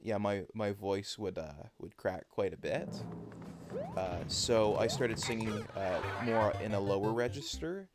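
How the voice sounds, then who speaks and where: A man's voice: fairly low pitch, measured pace, noisy background. A man streaming a video game, chatting casually and explaining things with lots of fillers. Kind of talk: casual gameplay chat.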